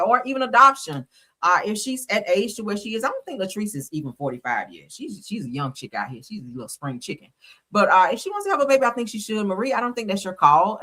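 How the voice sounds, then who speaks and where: A woman's voice: mid-range voice, fairly bright tone. A woman, hosting a live stream, gossiping bluntly and sassily about reality TV while laughing and answering her chat. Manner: sassy, blunt, laughs often, talks to the chat. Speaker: reality TV commentary host.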